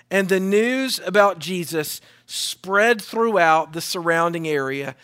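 A man preaching to his congregation in a church sanctuary, his voice sitting high for a man. He reads scripture and then preaches in an earnest, measured way, drawing call-and-response from the congregation. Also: lively intonation, fairly bright tone, clear, resonant tone. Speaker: pastor. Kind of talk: sermon with scripture reading.

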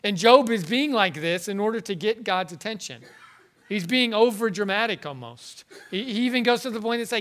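A man preaching a sermon in an earnest, halting way, often repeating words as he goes. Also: high-pitched, expressive, a bit bright. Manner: earnest, halting, with frequent word repetitions.

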